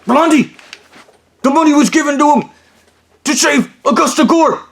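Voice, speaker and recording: A man voicing a startled coworker who blurts things out in a high, hurried voice. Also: expressive, a little mellow, exaggerated voice. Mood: excited.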